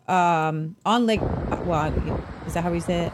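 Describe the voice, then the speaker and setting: A woman's voice: fairly low pitch, measured pace, background noise. A woman co-hosting a casual news talk show, chatty and tripping over foreign place names. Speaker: co-host.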